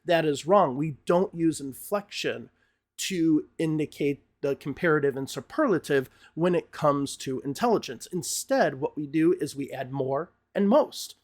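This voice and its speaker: A man's voice: a little high, unhurried. A middle-aged man teaching an English grammar lesson, explaining patiently step by step with examples.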